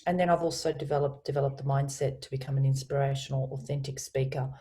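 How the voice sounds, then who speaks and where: A fast talker, the woman guest in this business interview explains her coaching ideas over video with energetic, enthusiastic stress. Her voice remains low, with a warm, mellow quality.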